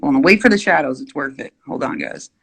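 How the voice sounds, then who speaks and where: A woman's voice: low-pitched, expressive, quick pace, gravelly, a bit bright, slightly rough. A woman vlogger telling a rambling, exaggerated story while she draws.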